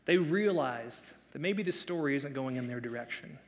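A man's voice: mid-range voice, lively intonation, normal speed, long reverb tail. A man preaching a sermon as pastor, conversational, with playful asides and acted-out quotes.

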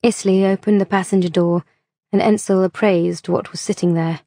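A woman narrating an audiobook in a measured, unhurried reading voice on a close mic. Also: medium pitch, steady tone, mellow, no echo.

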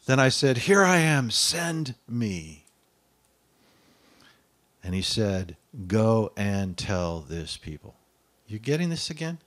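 Emphatic male preacher reading scripture. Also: fairly low pitch. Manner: emphatic, rising to loud declamation on scripture quotes; conversational asides asking the listener. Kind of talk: sermon reading and expounding scripture.

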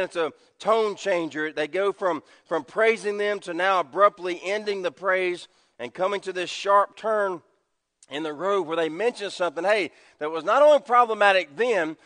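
A man preaching a sermon as pastor, swinging from loud emphasis to hushed low tones. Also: big-room sound. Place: church sanctuary.

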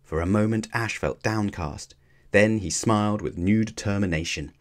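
Here a male storyteller reads a kids' adventure book out loud, his low-leaning voice expressive but evenly paced.

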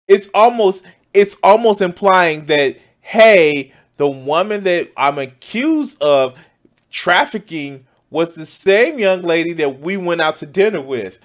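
A man's voice: sits high, animated, measured pace. A man giving loose, profane reaction commentary as a streamer, often exclaiming and laughing. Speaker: streamer reacting to news clips.

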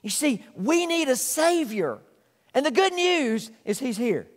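A man delivers a pastor's sermon in a fairly high voice, earnest and emphatic, leaning on repeated phrases. His words carry a long reverb, as in a church sanctuary. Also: sing-song, unhurried.

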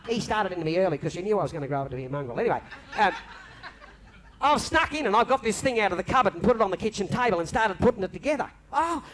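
An Australian man telling a long comic story on stage, lively and broad, slipping into mimicked voices. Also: high-pitched. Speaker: comedian telling stories on stage. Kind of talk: live stand-up storytelling. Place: club stage before a live audience. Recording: faint crowd ambience from a live venue.

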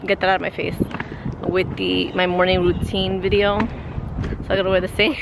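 A woman chatting to her camera in a casual daily vlog, talkative and expressive, tossing in Spanish words, first at home and then on a city street. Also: lowish voice, normal speed, creaky, background noise. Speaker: family vlogger. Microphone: handheld vlog camera.

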